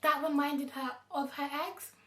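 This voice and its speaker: A woman's voice: sits high, unhurried. A young woman, chatting casually and animatedly about a reality show and acting out what people said. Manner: animated gossip, quotes people with voices. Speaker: co-host. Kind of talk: casual chat. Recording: echoey room, faint noise.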